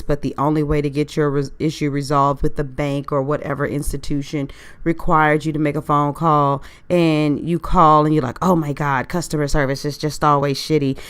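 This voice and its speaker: A woman's voice: low voice, smooth. A woman hosting a podcast, talking casually on her own and asking her listeners rhetorical questions. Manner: conversational, full of rhetorical questions. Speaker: podcast host. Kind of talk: casual solo podcast monologue.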